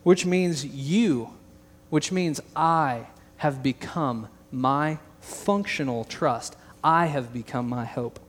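A young man preaching a sermon as pastor, earnest and emphatic, with joking asides to the congregation. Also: medium pitch. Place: large church hall. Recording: long hall reverb.

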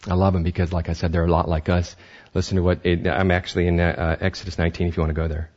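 A man preaching a sermon as pastor, animated, acting out voices and often restarting his sentences. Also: deep voice, quick pace, dull audio.

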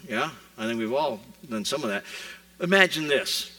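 A man's voice: on the high side, huge pitch swings, moderate pace, gravelly, bright, forceful tone, distant mic, low-quality recording. A man preaching a sermon in a conversational way, asking rhetorical questions and acting out quotes. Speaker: pastor.

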